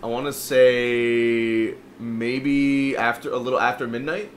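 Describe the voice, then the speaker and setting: Male podcast co-host, mid-pitched, swearing storyteller who mimics other people, faint hiss behind. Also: slow pace. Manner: profane, animated storytelling with quoted voices. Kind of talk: casual storytelling chat.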